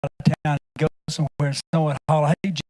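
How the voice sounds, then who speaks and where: Man, slightly high voice, folksy joking storyteller at a council meeting. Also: monotone, fast, warm tone. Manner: folksy, jokey storytelling, laughing often. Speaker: council member. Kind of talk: anecdotal tribute speech. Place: council chamber.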